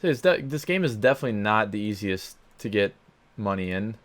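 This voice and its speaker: A man with a fairly low, animated voice talks fairly quickly as he plays a racing game at home. His let's-play commentary is casual, rambling and self-mocking, and he sings silly stutters.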